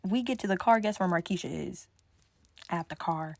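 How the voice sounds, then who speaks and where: Animated young woman telling a story. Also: on the low side, moderate pace, vocal fry, no room sound. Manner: animated, swears freely, acts out quotes. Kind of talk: casual storytime.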